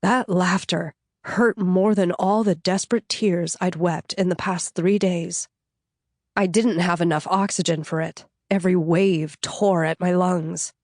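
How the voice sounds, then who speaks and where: Woman narrator, lowish voice, measured first-person fiction read, dry close sound. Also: fairly even intonation, a little mellow, no room sound. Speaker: audiobook narrator.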